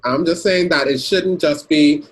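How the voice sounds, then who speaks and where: Husky-voiced man steering a debate. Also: on the high side, measured pace, poor audio. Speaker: podcast host. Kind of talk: casual group discussion.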